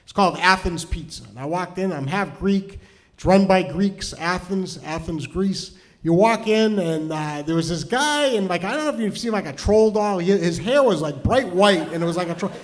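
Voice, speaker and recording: Chatty storytelling man with a high voice. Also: expressive, moderate pace. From New Hampshire. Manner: rambling, self-deprecating, chatty with restarts. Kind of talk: stand-up storytelling.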